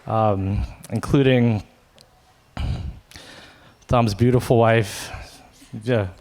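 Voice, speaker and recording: A man speaking as a friend at a memorial, talking casually and affectionately in a halting way. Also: fairly low pitch, steady tone, darkish tone. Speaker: friend giving a remembrance. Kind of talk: informal memorial speech. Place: memorial gathering.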